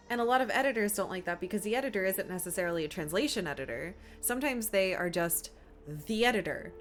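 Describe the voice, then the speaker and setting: A young woman from Appalachia chatting while streaming a game, rambling with lots of fillers. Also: mid-range voice. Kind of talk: casual gameplay commentary. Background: faint game music.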